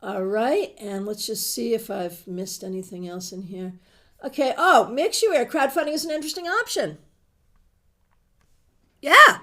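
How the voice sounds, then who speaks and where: A woman's voice: on the high side, expressive, a little slow, long pauses, sharp tone. A middle-aged woman hosting a tarot livestream, chatting with viewers and reading their comments aloud with emotion. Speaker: tarot reader host.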